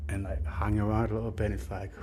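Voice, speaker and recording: A man's voice: fairly low pitch, flat delivery, fast talker, darkish tone, soft background music. A young man telling a rambling, sweary story, with lots of filler words. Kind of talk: casual storytime monologue.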